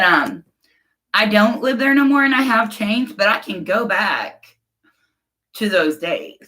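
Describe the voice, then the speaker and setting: A woman's voice: mid-range voice, pushed and bright, poor audio. A middle-aged woman hosting a casual livestream, reading viewer comments and talking bluntly and emotionally, often laughing. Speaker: livestream host chatting with viewers.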